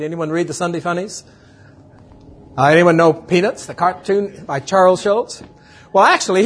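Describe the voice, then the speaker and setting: A man preaching a sermon, reading scripture in a measured way and quizzing his congregation playfully. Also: a little high, husky. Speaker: pastor.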